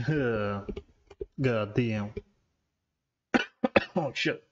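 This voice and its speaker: A man's voice: mid-range voice, drawn-out words, long pauses, lo-fi sound. A man hosting a reaction video, chatting casually with tobacco in his mouth, rambling, leaning on "like" and swearing freely.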